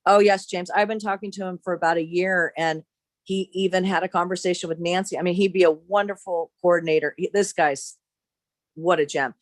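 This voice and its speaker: Lady rambling thru a story, lots of restarts, lowish voice, dry sound. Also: fairly even intonation, no room sound. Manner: halting, many restarts, retells quotes. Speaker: caller sharing a story.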